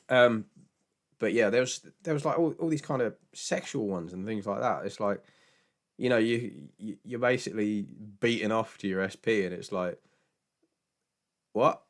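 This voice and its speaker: A British man from Britain, speaking with a British English accent, hosts a casual live stream Q&A. His lowish, fairly bright voice is chatty and full of laughter, with stammering restarts and jokey mock voices when he quotes people.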